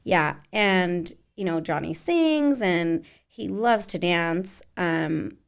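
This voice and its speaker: A woman's voice: on the low side, animated, takes it slowly, creaky, clean tone. A woman in her forties, a dance teacher, chatting casually as a podcast guest, rambling with many fillers. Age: 40s. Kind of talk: casual interview chat.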